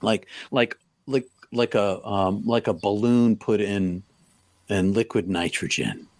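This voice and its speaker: Halting man telling a story, dry sound. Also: lowish voice, dry recording. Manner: halting, full of restarts, acts out quoted lines loudly. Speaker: podcast guest. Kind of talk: personal story in an interview.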